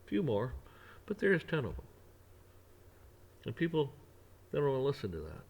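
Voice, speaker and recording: A man's voice: medium pitch, huge pitch swings, moderate pace, breathy edge. A man delivering a preachy, rambling rant on his own vlog, repeating himself often. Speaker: vlogger.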